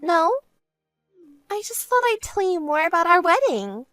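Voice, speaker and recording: A woman voicing a vain, self-centered young woman who talks in a smug, whiny way and turns shrill when angry, in an animated story. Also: unhurried, no room sound, faint music behind, heavily acted. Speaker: bride-to-be sister.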